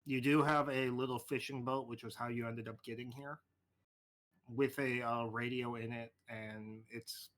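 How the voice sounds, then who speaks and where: A man's voice: medium pitch, steady tone, a little slow, a bit bright. A man running a tabletop game over a voice call, narrating casually and swearing freely. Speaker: game master.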